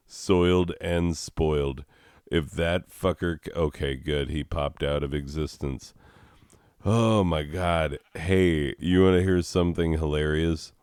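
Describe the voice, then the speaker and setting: Low, slow-talking profane male gamer. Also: a little mellow, smooth, no echo, studio quality. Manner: rambling and profane, laughing at own jokes. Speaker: schoolteacher. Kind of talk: casual gaming commentary.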